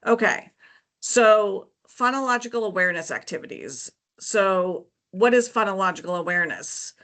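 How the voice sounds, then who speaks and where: Bright-voiced woman explaining to parents. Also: medium pitch, lively intonation, moderate pace. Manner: friendly teacherly explaining with frequent "um" and "okay, so". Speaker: educator presenting a parent workshop. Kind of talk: informative presentation.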